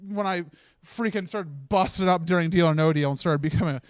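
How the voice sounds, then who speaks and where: A man with a high, smooth voice gives a halting, tearful thank-you speech on a marathon stream set. He keeps restarting his sentences and laughs through his tears. The sound is dry and close. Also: dry recording. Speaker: marathon organizer giving closing speech. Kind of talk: emotional live speech. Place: stage set of a charity marathon livestream.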